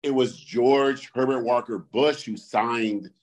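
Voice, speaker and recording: A man co-hosts a podcast with a mid-pitched voice that is neither high nor low. He rants through profane stories in a lively way, and his voice leaps up whenever a point gets him going. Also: slow. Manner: animated, profane storytelling with sudden pitch jumps. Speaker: podcast co-host. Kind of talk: casual podcast chat.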